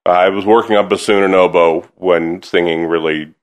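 Lively, storytelling male singer, lowish voice. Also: normal speed. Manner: animated, acts out quoted voices, laughs often. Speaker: singer and musician, interview guest. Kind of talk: casual storytelling interview.

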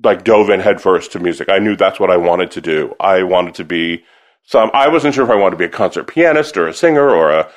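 A man who sings, telling stories about his musical upbringing in a casual interview, animated and quick to laugh, acting out the voices he quotes. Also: low voice. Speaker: singer and musician, interview guest.

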